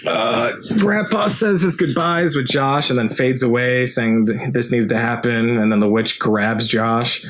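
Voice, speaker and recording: A man's voice: medium pitch, a little slow, hardly any pauses, a bit bright, a little hiss or hum. Young guy rambling thru a movie recap on a podcast, says like a lot, laughs and swears. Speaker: podcast co-host. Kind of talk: casual chat recapping a movie.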